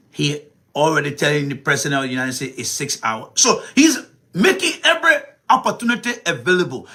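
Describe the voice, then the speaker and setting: A man hosting a live commentary stream, animated and repetitive, talking straight to his viewers. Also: sits high, gravelly, husky. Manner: animated, repeats himself, talks to viewers as folks. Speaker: commentary show host.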